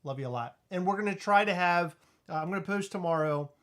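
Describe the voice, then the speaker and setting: A man's voice: high voice, quick pace, fairly bright tone. A man hosting a casual livestream chat, joking and rambling, who mentions he is in back pain. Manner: joking, rambling, self-deprecating. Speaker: host.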